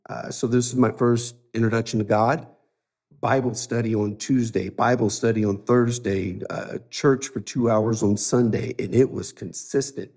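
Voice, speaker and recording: A man's voice: mid-range voice, dark tone. A man in his fifties, a podcast guest, telling his life story with feeling and acting out the dialogue. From United States. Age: 50s. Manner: earnest, emotional storyteller who acts out dialogue. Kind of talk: storytelling interview.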